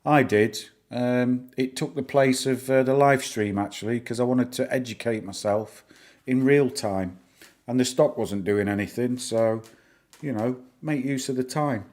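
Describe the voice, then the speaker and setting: A man's voice: mid-range voice, a little slow, a little mellow. Rambling, chatty middle-aged man. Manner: rambling, chatty, laughs at his own jokes. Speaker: stock-market live streamer. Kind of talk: casual live-stream commentary.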